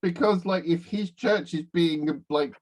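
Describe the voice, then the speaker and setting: A man's voice: fairly high pitch, measured pace, darkish tone, husky. A man playing a tabletop game with friends, talking bluntly and casually. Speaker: player.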